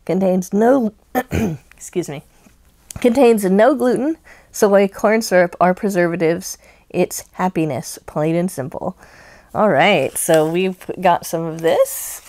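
A chatty woman hosts a casual crafting unboxing vlog, her voice sitting a little low. She rambles along with plenty of ums and laughs easily as she talks. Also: slow pace, darkish tone. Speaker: crochet channel host.

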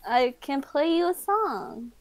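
High-voiced woman guest on stream, teasing and laughing, easy pace, dry mic. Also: expressive, slow. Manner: playful, laughs a lot, teasing. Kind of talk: casual chat.

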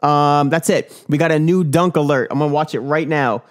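A man's voice: a little high, fairly even intonation, a little fast. A young man hosting his own dunk podcast, talking casually in a hyped, joking, swearing bro manner. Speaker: dunk vlogger and podcast host. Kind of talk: casual rambling podcast monologue.

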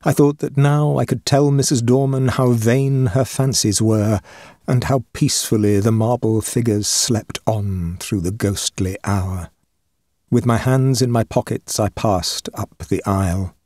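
A man reading a ghost story aloud in measured, dramatic scripted narration. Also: medium pitch, fairly even intonation, a little mellow, no echo, studio quality. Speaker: audiobook reader.

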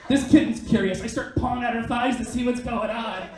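A man's voice: very high-pitched, a little fast, background noise. A man performing stand-up comedy on a club stage, telling a crude story in a brash, punchy way. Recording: echoey club heard from a distance. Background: audience laughter.

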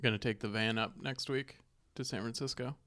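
A man's voice: medium pitch, fairly even intonation, brisk, bright, forceful tone. A man co-hosting a podcast, chatting casually and throwing in short, dry quips. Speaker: podcast co-host. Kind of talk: casual banter.

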